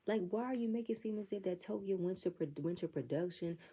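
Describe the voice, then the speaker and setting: A woman's voice: mid-range voice, fast talker, mellow, slightly rough. A woman casually recapping a reality show in blunt, profane, exasperated commentary. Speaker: reality TV reviewer.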